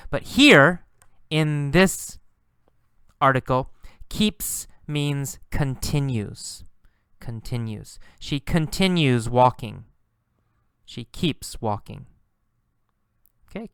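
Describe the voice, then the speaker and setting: Slow, patient male English teacher. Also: medium pitch, a bit bright, clear, resonant tone, no room sound, studio quality. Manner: patient, explains words with many repeats. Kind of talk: slow, repetitive lesson narration.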